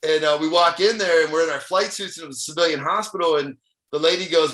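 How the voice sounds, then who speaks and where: A middle-aged man from Ohio with a fairly high, bright, forceful voice tells stories as a podcast guest. His delivery is animated and casual, often breaking into chuckles, and the recording sits in an echoey room. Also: fast. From Ohio, USA. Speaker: motivational speaker, podcast guest. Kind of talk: casual storytelling interview.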